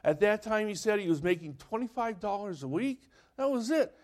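A male pastor preaching a sermon, telling a story with animated delivery and acting out the voices in it. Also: sits high, normal speed.

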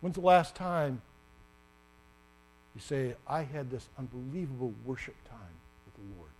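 A man preaching a sermon, animated and acting out the story with sudden loud bursts. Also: medium pitch, a little slow, slight background noise.

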